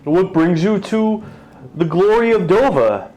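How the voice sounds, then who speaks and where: A proud human knight full of himself, as a man puts him on, with a high voice that leaps all over. Faint music plays behind him. He speaks grandly, as if addressing a court. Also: big pitch swings, unhurried, darkish tone, poor audio. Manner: grand, showy and self-important. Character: proud male human knight, pompous and boastful. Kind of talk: tabletop role-play.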